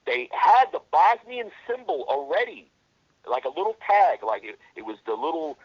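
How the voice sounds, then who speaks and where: A man's voice: on the high side, very animated, normal speed, no echo, dull audio. A man guest in an interview, telling a war story in blunt, profane language and often restarting his sentences. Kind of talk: casual storytelling.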